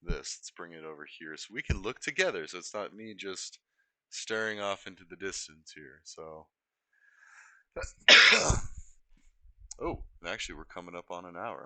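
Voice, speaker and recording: A man's voice: sits low, normal speed, bright, forceful tone, no echo. A young man from Colorado chatting casually on a live stream, rambling and easily sidetracked as he corrects himself. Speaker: livestreamer.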